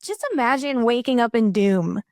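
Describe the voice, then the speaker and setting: A woman chatting as a podcast guest, excited and rambling, with many fillers. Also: a little high, normal speed, no room sound, clean studio sound. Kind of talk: casual chat.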